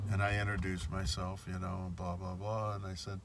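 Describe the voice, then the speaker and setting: Low-voiced indignant man telling a story. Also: completely flat delivery, brisk, hardly any pauses, a little hiss or hum. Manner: indignant, repeats himself. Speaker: bank customer telling of a complaint. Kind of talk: casual storytelling monologue.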